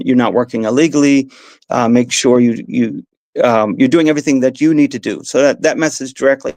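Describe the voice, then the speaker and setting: A man with a Mid-Atlantic Southern accent, a guest on an interview, answering thoughtfully with restarts and soft laughs. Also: mid-range voice, no echo. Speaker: guest, education advocate.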